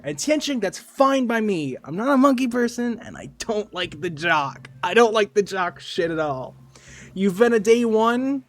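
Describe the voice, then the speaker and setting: A man's voice: high-pitched, big pitch swings, normal speed, a bit bright, no echo. A man chatting casually on a gaming livestream, rambling, joking and swearing. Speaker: streamer.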